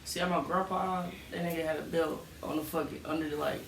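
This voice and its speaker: A woman co-hosting a casual late-night chat, joking in an animated, slangy way about growing up. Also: low voice, fairly quick, vocal fry, far from the mic. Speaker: podcast co-host. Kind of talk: casual chat while smoking. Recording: echoey room, off-mic, faint noise.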